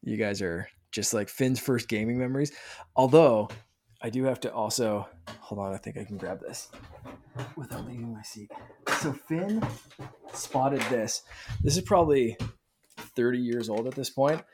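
Man, thirties, podcast host, casual chat, mid-pitched, excited, rambling, restarts sentences. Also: normal speed, long pauses, a little hiss or hum.

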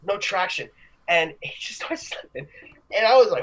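A man's voice: fairly high pitch, big pitch swings, fairly quick, a bit bright, poor audio. A young man telling stories in a casual chat, rambling and laughing as he goes. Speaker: podcast co-host.

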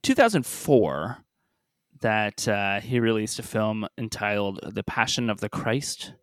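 A man's voice: on the low side, sing-song, unhurried, no room sound, studio quality. A man co-hosting a podcast in casual chat, joking and laughing often. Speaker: podcast co-host.

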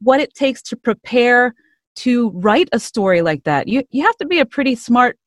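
An energetic woman in her thirties, a voiceover artist chatting as a podcast guest. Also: on the high side, moderate pace, no room sound, studio quality. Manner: energetic, upbeat, laughs easily. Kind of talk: casual interview chat.

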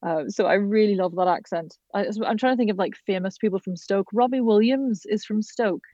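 A woman's voice: medium pitch, warm tone, dry recording, highs cut off. An Irish woman working as a voice and accent coach, chatting enthusiastically in an interview. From Ireland. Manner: chatty, enthusiastic, quick asides. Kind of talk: casual interview chat.

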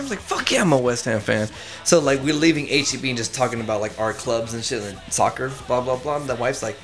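A man's voice: mid-range voice, brisk, fairly bright tone, faint music behind. Swearing, rambling man telling stories. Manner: rambling storyteller, swears freely. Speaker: podcast co-host. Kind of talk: casual chat.

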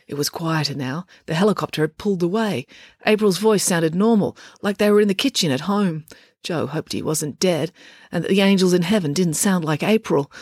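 A woman reading a children's adventure story aloud, lively and expressive. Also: fairly low pitch, breathy edge, no echo, studio quality. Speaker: audiobook reader. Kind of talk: scripted storybook narration.

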